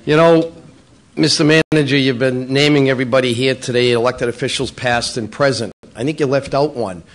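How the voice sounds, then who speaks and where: Brief: middle-aged man roasting local officials, playful, jokey, mid-pitched, in a banquet room. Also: fairly even intonation, brisk. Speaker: local politician speaking at a breakfast. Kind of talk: roast-style joke telling. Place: banquet room at a public breakfast.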